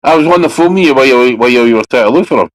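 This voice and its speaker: A man joining a livestream as a guest, chatting in a laid-back, rambling way with plenty of fillers. His voice sits at an ordinary male pitch. The sound is dry, with no room echo. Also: animated, rapid-fire. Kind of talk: casual stream chat.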